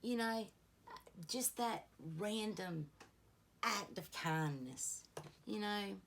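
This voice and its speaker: A woman's voice: mid-range voice, expressive, very slow, slight background noise. A middle-aged woman, chatting through a get-ready-with-me beauty vlog and rambling through stories with many asides. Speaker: beauty vlogger. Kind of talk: casual get-ready-with-me chat.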